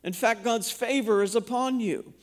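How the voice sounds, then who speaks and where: High-voiced man preaching a sermon. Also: normal speed. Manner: preaching, reads scripture aloud and asks the congregation questions. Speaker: pastor. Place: church.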